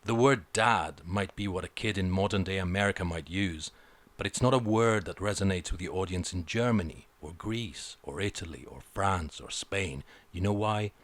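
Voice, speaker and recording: A man's voice: low voice, normal speed, fairly bright tone, dry recording. A man giving an opinionated film review, blunt and sarcastic, swearing freely.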